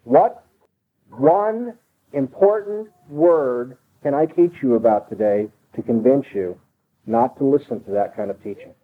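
A man's voice: medium pitch, measured pace. A man preaching an expository sermon, emphatic and driving his points home by repeating them. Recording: tinny phone-like broadcast sound.

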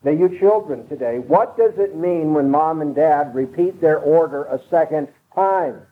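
A man's voice: fairly high pitch, measured pace. A man preaching an expository sermon, emphatic and driving his points home by repeating them. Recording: tinny phone-like broadcast sound.

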